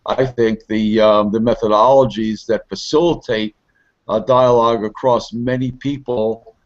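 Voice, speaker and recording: A man's voice: lowish voice, fairly even intonation, measured pace. A gray-haired older man, a neighborhood activist, speaking hesitantly and thoughtfully in a conversational discussion. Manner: hesitant, thoughtful, many fillers. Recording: slightly muffled lo-fi.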